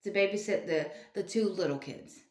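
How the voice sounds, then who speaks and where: A woman's voice: mid-range voice, normal speed. A woman delivering an indignant commentary rant, scolding with repeated rhetorical questions. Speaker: online commentator. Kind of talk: ranting commentary video. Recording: roomy echo.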